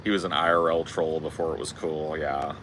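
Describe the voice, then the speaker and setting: Foul-mouthed bright-voiced male storyteller. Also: very deep voice, brisk, slight background noise. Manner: profane, laid-back, animated storytelling. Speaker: podcast host. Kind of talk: casual chat, storytelling.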